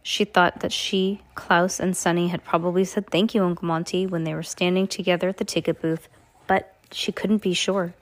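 A woman's voice: on the low side, little pitch movement, normal speed. Woman reading a storybook aloud. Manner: stumbles and corrects herself, chatty asides. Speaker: podcast host reading aloud. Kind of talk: reading a children's novel aloud.

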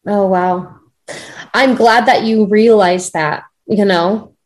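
A woman interviewing a guest, asking gentle questions and giving brief affirming responses. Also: mid-range voice, fairly even intonation, takes it slowly, slight background noise. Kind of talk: supportive interview.

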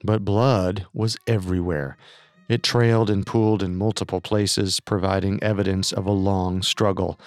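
A man narrating a true-crime story in a measured, scripted way. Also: low-pitched, clean tone, no room sound.

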